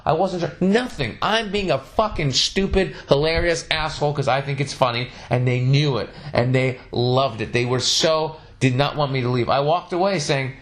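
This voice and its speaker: A man hosts a casual podcast, telling his stories with plenty of profanity and animated swings. His voice sits a little high for a man. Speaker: podcast host.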